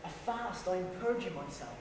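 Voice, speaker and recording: A man's voice: sits high, expressive, moderate pace, slight background noise. A young man playing a cheeky village lad in a student stage play, chatty and laughing, with a put-on West Country accent. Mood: earnest. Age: young adult. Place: college theatre stage. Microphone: far camera. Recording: echoey hall from far off.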